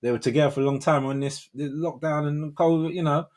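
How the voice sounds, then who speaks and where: A man's voice: a little high, fairly even intonation, fast, darkish tone. A man in his forties hosting a livestream, chatting casually in slangy, rambling talk with frequent laughs. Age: 40s. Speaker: livestream host. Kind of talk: casual chat.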